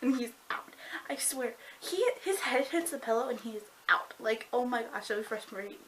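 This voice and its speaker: A young woman giving a casual, giggly book review, talking excitedly with lots of "like". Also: a little high, slight background noise. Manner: bubbly, giggly, fast, lots of "like".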